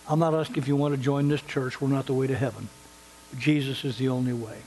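A man's voice: mid-range voice, steady tone, fast, darkish tone, slight background noise, rough recording. An older man, pastor emeritus, giving an earnest, conversational sermon and closing prayer, repeating phrases for emphasis. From United States. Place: church sanctuary.

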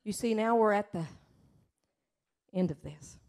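A woman delivers a testimony sermon in church. She talks slowly and earnestly. Her voice rises with emotion as the story builds. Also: medium pitch, a little mellow. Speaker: church speaker.

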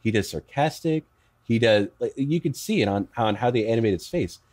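A man's voice: mid-range voice, lively intonation, fairly quick, darkish tone. A man who is a guest on a podcast, talking casually in a chatty way with stammering restarts.

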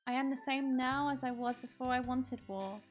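A woman reading the lines of a stern aging male ninja lord in a solemn, measured way. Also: sits high, soft background music, close to an everyday voice.

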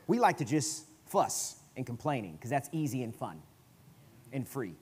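A man with a Southern US accent, a guest preacher giving a conversational sermon in a church, swinging from quiet asides to emphatic, loud bursts. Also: medium pitch, big pitch swings, moderate pace, breathy edge. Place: church sanctuary.

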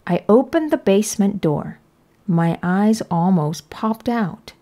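A woman reading a children's picture book aloud with slow, careful storytelling. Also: medium pitch, lively intonation, dark tone. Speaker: read-aloud narrator.

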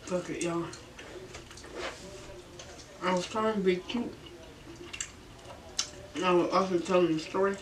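A woman's voice: fairly low pitch, slow, pauses often, distant mic. A young woman chats through a story in her bedroom, loose, slangy and profane, laughing often. The mic sits a little away from her, so her voice carries some room echo. A faint hiss runs underneath. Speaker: vlogger. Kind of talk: casual storytelling during a mukbang.

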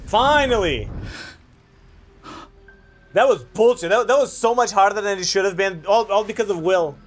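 A man giving casual let's-play commentary while he games, excitable, profane and often exasperated. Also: high-pitched, moderate pace, faint music behind. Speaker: gaming video host.

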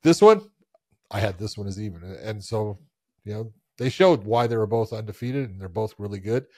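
A man co-hosting a casual sports podcast, telling stories in a loose, animated, profane way. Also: fairly low pitch, normal speed, dry recording, studio quality. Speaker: podcast co-host.

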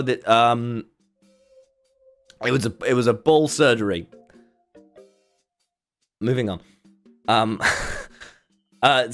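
A man casually telling a story, rambling and breaking off with laughter. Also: fairly low pitch. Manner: rambling, self-interrupting, laughing. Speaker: streamer.

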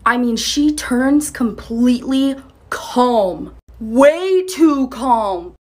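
A woman pitching a movie idea as a suspenseful TikTok story, with a breathy voice. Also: lively intonation, drawn-out words, a little mellow. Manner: dramatic, suspenseful narration.

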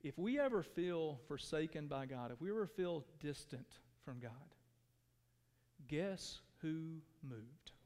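High-voiced man preaching in reverberant church. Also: expressive, slow. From Texas. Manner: earnest, shifts between hushed tones and raised pleading. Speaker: pastor. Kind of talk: sermon. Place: church sanctuary. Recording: long hall reverb.

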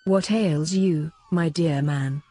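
A woman reading the lines of a calm, pleasant male priest in a measured way. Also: lowish voice, breathy edge, dry recording, soft background music.

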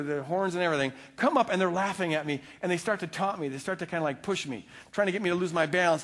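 Middle-aged male pastor, high-pitched, animated sermon delivery with stammering restarts.

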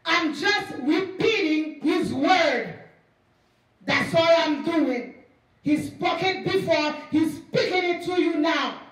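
A woman pastor with a high voice delivers an animated sermon, repeating phrases and acting out exchanges for emphasis. She is picked up from some distance, and her words ring through a very echoey church hall. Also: slow. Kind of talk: preaching a sermon.

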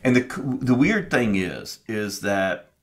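Man, middle-aged, podcast co-host, earnest reflective storyteller, fairly low voice. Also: big pitch swings, slow, a bit bright. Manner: earnest, reflective storyteller who acts out his own past dialogue. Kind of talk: personal storytelling in a casual podcast chat.

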